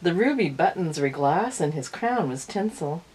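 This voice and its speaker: A woman reading a picture book aloud to young children, in an expressive storytelling way. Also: lowish voice, moderate pace, breathy edge, low-quality recording. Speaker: early-years storyteller.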